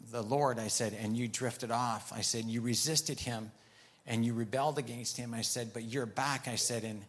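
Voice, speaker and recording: Gravelly-voiced man preaching a testimony. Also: medium pitch, fairly bright tone. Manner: storytelling with many "I said" asides. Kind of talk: sermon testimony.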